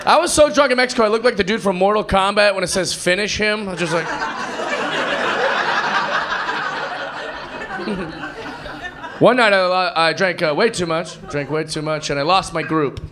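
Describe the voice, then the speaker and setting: A man in his thirties doing energetic stand-up comedy on a club stage with a handheld mic, often acting out other people in voices. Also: high-pitched, measured pace, pauses often. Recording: live club recording with crowd laughter. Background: audience laughter.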